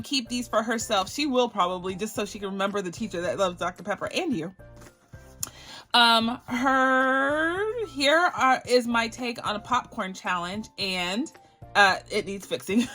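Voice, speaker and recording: A woman's voice: medium pitch, animated, normal speed, pushed and bright, soft background music. A woman from Barbados hosting a budgeting channel, chatting through a casual unboxing vlog in a bubbly, effusive way and gushing with thanks.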